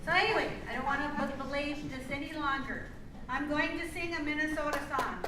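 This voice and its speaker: A woman's voice: sits high, fast talker. An older woman telling folksy jokes on stage at an amateur variety show, chatty and self-interrupting. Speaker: amateur performer. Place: community hall stage. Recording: echoey hall from far off, faint noise.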